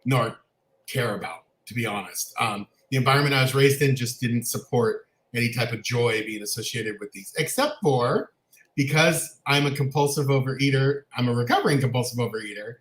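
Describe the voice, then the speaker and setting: A man co-hosting a casual chat show, telling family stories in an animated way and laughing often. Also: mid-range voice, fairly quick, reverberant. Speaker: co-host.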